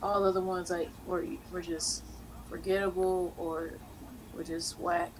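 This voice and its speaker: A woman's voice: on the low side, little pitch movement, a little slow, a little hiss or hum, low-quality recording. A woman co-hosting an album review in casual chat, blunt and teasing. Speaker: podcast co-host reviewing an album.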